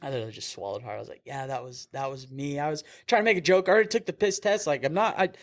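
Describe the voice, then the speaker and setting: Young man, EMT, podcast host, animated storytelling, frequent laughter. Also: mid-range voice, very fast. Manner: animated storyteller, acts out quotes, laughs often. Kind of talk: casual storytelling chat.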